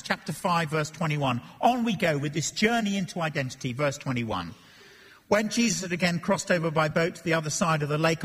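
A man preaching an expository sermon, animated, acting out voices and joking between readings. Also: a little high, breathy edge. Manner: animated, acts out Bible voices and jokes. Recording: long reverb of a church hall.

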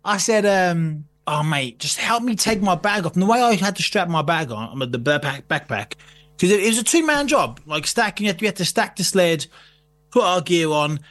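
Guy, pretty high voice, swearing and laughing through a story. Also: lively intonation, brisk, a bit bright. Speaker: guest. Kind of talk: casual storytelling chat.

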